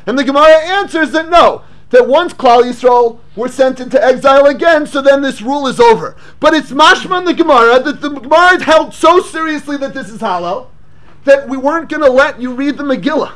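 A man giving a lively Torah lecture, asking rhetorical questions and mixing English with Hebrew and Yiddish terms. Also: extremely high pitch, brisk. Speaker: rabbi teaching Torah class.

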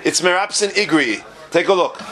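Man, Talmud teacher, lively lecturing, slightly higher voice. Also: normal speed. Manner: animated, questioning, Yiddish-Hebrew terms.

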